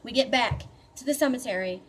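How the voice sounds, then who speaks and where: A woman's voice: a little high, fairly quick, fairly bright tone, faint music behind. A woman casually recounting a spooky personal experience, chatty and profane, with a matter-of-fact, mildly skeptical tone. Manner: chatty and profane, with many fillers and asides. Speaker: storyteller recounting a paranormal experience. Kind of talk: casual spoken storytelling.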